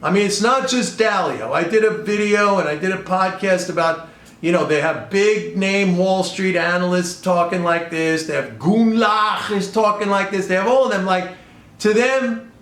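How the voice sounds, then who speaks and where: A man's voice: high-pitched, moderate pace, a bit bright. An older man hosting his own show, talking in a sarcastic, exasperated and rambling way. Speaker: podcast host and trader. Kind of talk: casual commentary monologue. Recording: echoey room.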